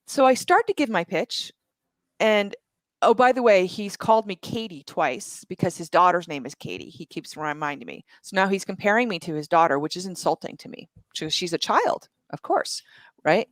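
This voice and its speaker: A woman guest on an interview show, retelling a story with vivid asides and quick restarts. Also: mid-range voice, no room sound. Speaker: guest entrepreneur. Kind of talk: animated storytelling in conversation.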